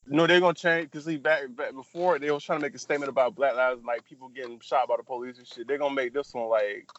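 A man's voice: medium pitch, steady tone, fast, a bit bright, dry recording. Young guy co-hosting, rambly, keeps restarting, kinda muffled lo-fi audio. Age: young adult. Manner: rambling storyteller, restarts and repeats words. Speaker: podcast co-host. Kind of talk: casual chat. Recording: dull lo-fi sound.

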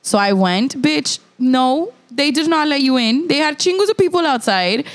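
Animated woman telling a story. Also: high-pitched, moderate pace. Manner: animated storytelling, profane, heavy use of "like". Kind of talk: casual chat.

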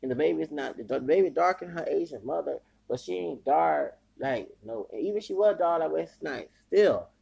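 A man's voice: on the high side, expressive, a little fast, creaky, hardly any pauses, a little mellow, slightly rough. A man hosting a podcast, delivering a heated, profane rant full of repeated phrases. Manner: heated, profane ranting with repetition. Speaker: podcast host.

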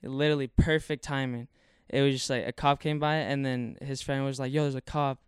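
A man's voice: mid-range voice, little pitch movement, a little fast, clear, resonant tone, no echo, studio quality. A young man casually telling a story in a rambling, slangy way, full of fillers. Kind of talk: casual chat.

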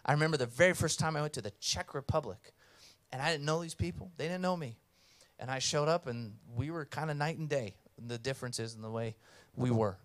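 A man's voice: mid-range voice, brisk. A man preaching a sermon as pastor, conversational and earnest, telling stories and reading scripture.

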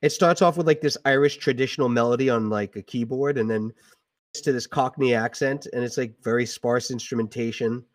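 A man's voice: mid-range voice, brisk, dry recording, far from the mic. A middle-aged man, an English teacher, chatting casually about music on a podcast, hesitant with many ums and restarts.

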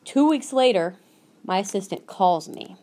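A woman's voice: medium pitch, animated, a little slow, mellow. Woman, podcast host, casual storytelling, earnest, acts out quotes, mid-range voice.

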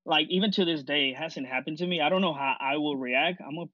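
A man's voice: fairly high pitch, quick pace, sharp tone, no room sound, highs cut off. A young man telling a story in a casual group conversation, easygoing and full of fillers. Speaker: discussion participant.

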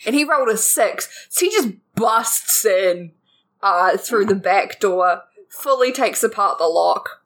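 A woman's voice: mid-range voice, animated, unhurried, fairly bright tone. A woman narrating as game master of a tabletop game, playful, slipping into character voices.

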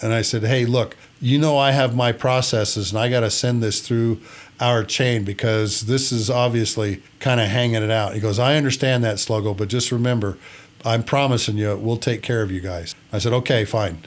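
A man's voice: mid-range voice, fairly even intonation, normal speed. A middle-aged man hosting a podcast, telling a long story in a folksy way and acting out the dialogue as he goes. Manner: folksy, acts out dialogue while retelling it. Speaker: podcast host and retired air refueling planner. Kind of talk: storytelling monologue.

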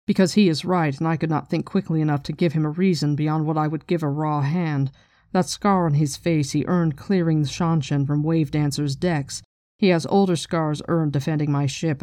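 A reader voicing a proud, formal woman ship captain in a stately, measured read of a novel passage. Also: mid-range voice, dark tone, dry recording, studio quality, close to an everyday voice. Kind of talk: reading a novel passage aloud.

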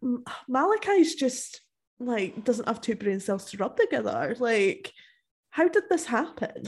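A woman's voice: fairly high pitch, very animated, measured pace, husky. A woman co-hosting a podcast, chatting casually and giving blunt opinions, with a lot of "like". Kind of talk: casual chat.

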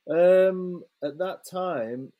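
A man's voice: high voice, very slow, narrow, tinny audio. Chatty man telling a story. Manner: lively, swears freely, many fillers and restarts. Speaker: interview guest. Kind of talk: casual storytelling.

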